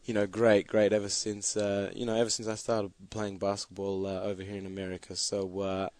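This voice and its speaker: Laid-back aussie guy on a studio talk show, lowish voice, dry mic, says "you know" a lot. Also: a little fast, no echo. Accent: Australian. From Australia. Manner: relaxed, many "you know" fillers. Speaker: basketball player guest. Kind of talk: casual studio interview.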